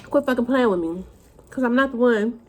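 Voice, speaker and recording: A young woman rants straight to camera with a fairly high voice. She tells her stories dramatically and swears freely, in a casual indoor home recording. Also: brisk, slight background noise. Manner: animated, profane, dramatic retellings. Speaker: vlogger. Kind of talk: casual storytime rant.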